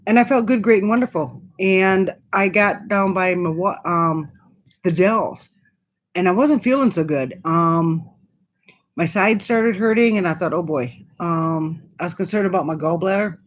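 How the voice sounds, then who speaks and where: A middle-aged woman from Wisconsin, telling a personal story to her channel in a chatty way with many fillers and restarts. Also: lowish voice. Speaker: vlogger.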